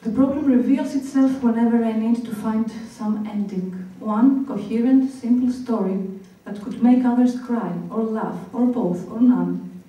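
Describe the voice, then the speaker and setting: A woman delivers a staged spoken-word performance in a slow, deliberate way, leaving long pauses between phrases. Her voice is deep-toned and mellow. It reaches the mic from a distance and rings through a very reverberant hall. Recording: very echoey hall, voice picked up from far off.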